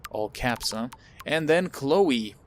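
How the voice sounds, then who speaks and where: A man's voice: medium pitch, expressive, takes it slowly, a little hiss or hum. Casual male gamer reading game texts. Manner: reads on-screen texts aloud with casual asides and fillers. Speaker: let's play gamer. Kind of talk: casual let's play commentary.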